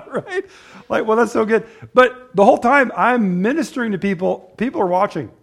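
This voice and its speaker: A man's voice: high-pitched, normal speed, creaky. Rambling, conversational preacher man. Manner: rambling, conversational, with frequent restarts and asides. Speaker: pastor. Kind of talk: informal sermon with storytelling.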